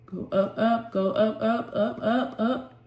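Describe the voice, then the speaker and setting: A woman's voice: on the high side, fairly even intonation, takes it slowly, a little mellow, roomy sound. A woman hosting a live trading session, urging the chart on aloud and calling on the Lord as she talks. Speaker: trading channel host.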